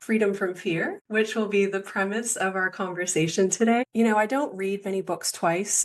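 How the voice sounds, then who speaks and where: A woman hosting a podcast interview, asking questions in an earnest, appreciative way. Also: lowish voice. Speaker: podcast host.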